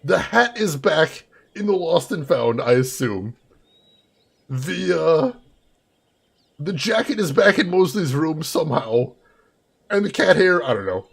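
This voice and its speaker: A man's voice: on the high side, big pitch swings, a little slow, creaky, long pauses, slightly rough. A man commentating a video game playthrough, sarcastic and amused, talking to his chat. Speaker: game streamer. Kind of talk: let's play commentary.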